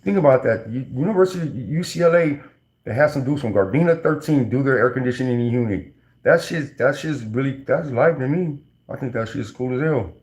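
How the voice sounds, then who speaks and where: A man's voice: medium pitch, animated, a little fast, darkish tone. Slangy, rambling man. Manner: slangy, rambling, many restarts and fillers. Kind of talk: casual storytelling.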